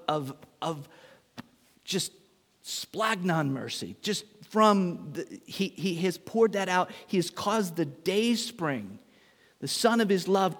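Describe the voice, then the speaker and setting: A middle-aged man preaching a sermon as pastor, telling a story with humor and acting out voices. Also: a little high. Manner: animated, acts out voices in his story, self-mocking humor. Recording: long hall reverb.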